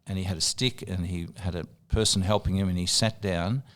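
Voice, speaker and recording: A man's voice: low voice, fairly even intonation, fairly quick, a bit bright. An older man, a radio veteran telling emotional anecdotes as a guest in casual chat.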